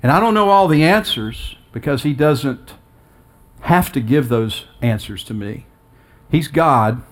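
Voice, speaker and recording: A man in his sixties, a pastor giving an earnest, personal sermon that rises in pitch and emphasis when he quotes scripture. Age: 60s.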